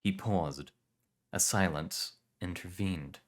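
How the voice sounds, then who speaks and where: A man calmly narrating a story for a relaxed listen. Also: deep voice, slow.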